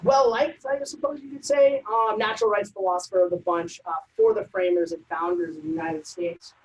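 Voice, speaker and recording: A woman presenting a civics workshop, lecturing in a brisk, conversational way with frequent ums and uhs. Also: medium pitch, poor audio. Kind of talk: informal lecture.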